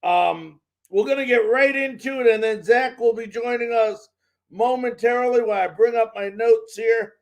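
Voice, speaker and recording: A man with a strikingly high voice hosts a live sports talk show. He talks in a fired-up, ranting way and repeats words to drive his points home. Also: moderate pace.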